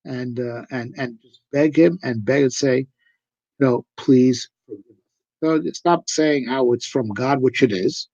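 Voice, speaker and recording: A man's voice: mid-range voice, measured pace, hardly any pauses, a little mellow, dry recording. A male rabbi giving a live, conversational discourse on Torah, emphatic and full of rhetorical questions. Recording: dull lo-fi recording.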